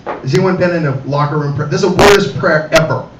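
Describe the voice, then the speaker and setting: Animated male stand-up comic with a high voice, recorded from a distance in a cafe. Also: quick pace, lo-fi sound. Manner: animated, acts out voices, addresses the audience. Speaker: stand-up comedian. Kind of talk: live stand-up comedy. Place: cafe comedy night. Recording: roomy, distant mic, loud background noise.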